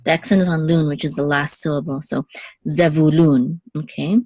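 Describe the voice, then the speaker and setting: A woman's voice: deep voice, fairly even intonation, quick pace, darkish tone, no echo. A young adult woman giving a patient one-on-one Hebrew lesson, checking in often with "okay". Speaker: Hebrew teacher.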